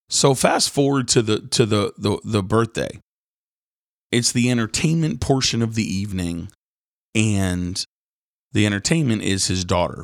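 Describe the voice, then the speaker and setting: A man's voice: fairly low pitch, dry recording, clean studio sound. A man hosting a podcast, retelling a Bible story in a casual, slangy sermon style and acting out the characters. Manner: animated, slangy, acts out characters in quotes. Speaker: podcast host, preacher.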